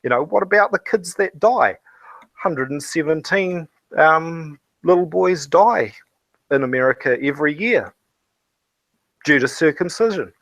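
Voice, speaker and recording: A man's voice: a little high, animated, measured pace, fairly bright tone, no room sound. Blunt, swearing New man. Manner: blunt, profane, laughs between points. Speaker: host of a hangout. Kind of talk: casual online chat. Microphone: home computer mic.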